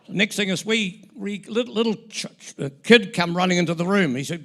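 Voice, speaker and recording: A man's voice: high voice, animated, normal speed, bright, forceful tone. An older man in his seventies with a New Zealand accent, giving a rambling, joking acceptance speech full of anecdotes at an awards ceremony. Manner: rambling, joking, self-interrupting. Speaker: award recipient.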